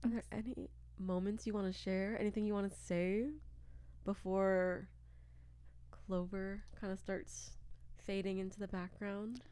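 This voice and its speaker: Young woman, joking co-host, quick teasing interjections, dry close recording. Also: mid-range voice, level tone, warm tone, clear, resonant tone, no echo. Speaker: podcast co-host. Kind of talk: casual chat.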